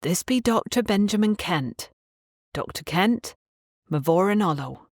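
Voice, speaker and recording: A woman's voice: medium pitch, animated, unhurried, no echo, studio quality, voice pushed up. A woman voicing a kindly older Cornish fisherman's mother with a Cornish accent, who speaks in a cooing, motherly way. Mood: soothing. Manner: cooing, motherly dialect speech.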